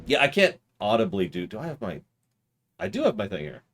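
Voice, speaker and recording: A man's voice: fairly low pitch, huge pitch swings, a little fast, fairly bright tone, a little hiss or hum. A man streaming a video game live, reading in-game documents aloud between joking asides. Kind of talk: live gameplay commentary.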